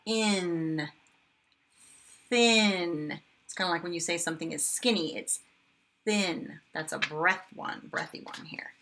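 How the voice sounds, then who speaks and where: A kindergarten teacher, a woman, sounding out words slowly and with exaggeration for young children in a phonics lesson. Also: lowish voice, fairly bright tone.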